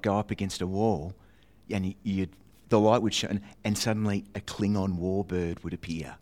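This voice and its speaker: Man, preacher, storytelling sermon, chatty, self-mocking, animated, lowish voice.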